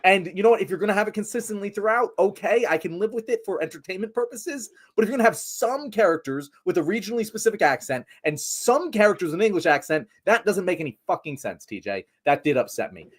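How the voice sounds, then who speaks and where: Animated, opinionated man on a podcast. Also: sits high, fast talker, few pauses. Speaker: podcast co-host. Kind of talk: casual movie review chat.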